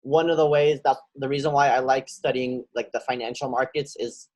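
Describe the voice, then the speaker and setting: A man from a live class explaining his view casually, with lots of ums and pauses. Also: mid-range voice, fairly even intonation, darkish tone, low-quality recording. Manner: hesitant, lots of fillers. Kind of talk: casual talk.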